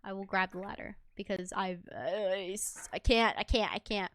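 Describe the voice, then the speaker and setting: A woman's voice: mid-range voice, fairly even intonation, moderate pace, a bit bright, no echo. A woman streaming a game and chatting casually, giggly and swearing offhand. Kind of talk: casual gameplay chat.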